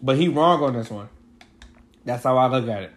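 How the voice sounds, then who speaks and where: A man's voice: medium pitch, moderate pace. Male podcast co-host, loose rambling sports talk, mid-range voice. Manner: rambling, lots of fillers and restarts. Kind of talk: casual sports chat.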